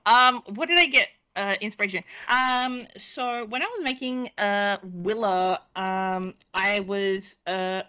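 A young-sounding woman talks casually on a podcast with a bright, forceful tone. She giggles often and hesitates through plenty of ums and uhs. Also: medium pitch, slow, few pauses, clean tone. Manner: giggly, hesitant, many fillers. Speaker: roleplay player, podcast guest.

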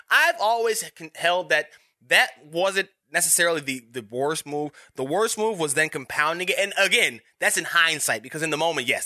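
A man's voice: on the high side, sharp tone, dry recording, studio quality. A man in his thirties giving casual, rambling sports commentary as a podcast host, with frequent restarts and fillers. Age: 30s.

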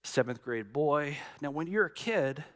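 Animated man preaching a dramatic sermon. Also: a little high, unhurried. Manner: dramatic storytelling, swings from loud to hushed. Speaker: pastor.

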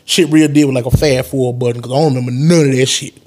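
A young man hosting a podcast and telling a story in casual chat, animated and profane, his voice jumping up when he quotes himself. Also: medium pitch, quick pace. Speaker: podcast host.

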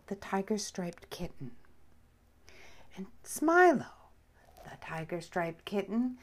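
A woman reading a children's story aloud slowly and expressively, often dropping to a soft whisper. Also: on the high side.

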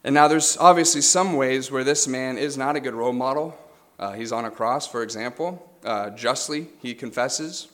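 A man preaching a sermon in an earnest, measured way, now and then correcting himself. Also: medium pitch, a bit bright.

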